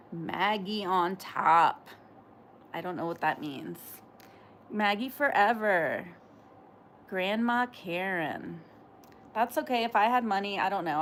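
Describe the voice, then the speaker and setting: A woman's voice: mid-range voice, fairly bright tone, a little hiss or hum. A woman livestreaming, chatting casually with her viewers and answering comments in a rambling way, full of fillers. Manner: rambling, filler-heavy, talks back to chat. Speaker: livestreamer reading chat.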